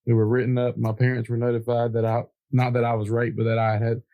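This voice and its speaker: An older man in his seventies chatting casually as a podcast co-host. He tells lively stories and laughs a lot, his voice sitting at an ordinary pitch. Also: fast talker, phone-quality sound. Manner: animated storyteller, laughs often. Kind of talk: casual chat.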